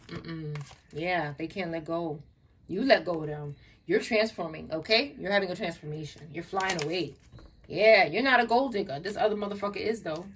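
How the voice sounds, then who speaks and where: A woman's voice: mid-range voice, fairly bright tone. A woman giving an online tarot reading in a blunt, profane, exasperated way, often calling the listener "child". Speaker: tarot reader. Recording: distant mic, faint noise and clicks.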